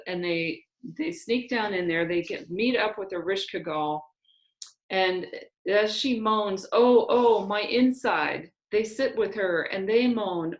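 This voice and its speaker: A woman retells an ancient myth in a casual, conversational manner, stopping to correct herself as she goes. Her voice sits at an ordinary middle pitch. The room adds a noticeable echo. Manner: conversational, with fillers and restarts. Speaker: storyteller. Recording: roomy echo.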